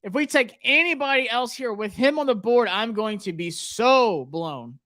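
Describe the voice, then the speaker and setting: A man's voice: extremely high pitch, moderate pace. Young male streamer, jittery and keyed-up, live draft reactions. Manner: anxious, excited, talks to himself. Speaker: sports livestream host.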